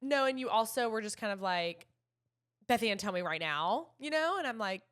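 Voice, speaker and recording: A young woman, co-hosting a podcast and telling a story in animated, chatty fashion, acting out the dialogue. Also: a little high, normal speed. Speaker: podcast co-host. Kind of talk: casual chat.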